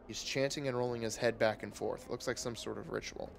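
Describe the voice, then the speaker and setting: A man streaming a game who reads its text aloud in a steady, measured way. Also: mid-range voice, vocal fry.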